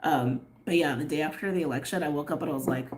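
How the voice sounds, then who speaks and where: A woman reading tarot and chatting casually on a livestream, rambling and laughing often, her voice a little hoarse. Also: low-pitched, fast talker, noisy background. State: slightly hoarse. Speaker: tarot reader.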